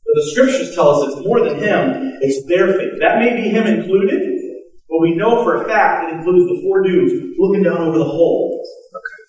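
A man's voice: high voice, moderate pace, darkish tone. A man preaching a sermon as pastor, telling the story with animation and acting out the characters' voices. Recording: echoey hall from far off.

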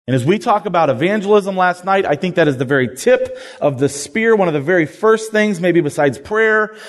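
Middle-aged male campus ministry speaker, high voice, energetic and joking, hall reverb. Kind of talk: sermon to college students.

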